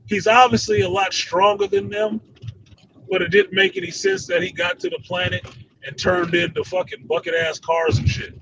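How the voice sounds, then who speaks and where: Gravelly guy ranting and cussing on a chat show, kinda far from the mic, muffled lo-fi sound. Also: sits high, background noise. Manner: animated, profane, laughing rant. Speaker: host. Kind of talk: casual reaction chat.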